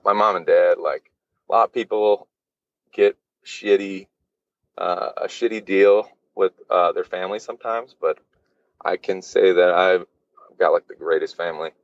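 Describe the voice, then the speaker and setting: A man's voice: low voice, fairly even intonation, normal speed, no room sound, lo-fi sound. A man guesting on a podcast, telling a personal story casually, with lots of fillers and swearing. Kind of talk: candid storytelling.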